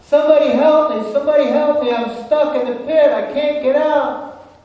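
A man's voice: high voice, lively intonation, unhurried, muffled recording, pitched above the performer's own voice. A man voicing a desperate man stuck in a pit, hollering for help in a sermon story. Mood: panicked. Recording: echoey church hall from a distance.

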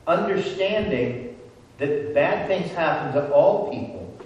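A man preaching a sermon in church, speaking slowly and deliberately. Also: fairly high pitch, animated, a little mellow, muffled recording. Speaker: pastor. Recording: echoey church hall from a distance.

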